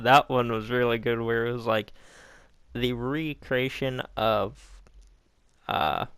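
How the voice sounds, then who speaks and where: A man's voice: medium pitch, creaky, a bit bright, clear, resonant tone, no room sound. A young man casually recapping a wrestling show, rambling with lots of fillers and acting out what people said. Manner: rambling, filler-heavy, acts out quotes.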